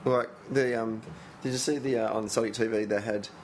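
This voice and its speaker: A man's voice: lowish voice, fairly even intonation, a little fast, slight background noise. Laughing man hosting banter. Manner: loose, laughing, swearing banter, asks the questions. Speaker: podcast co-host. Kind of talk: casual chat.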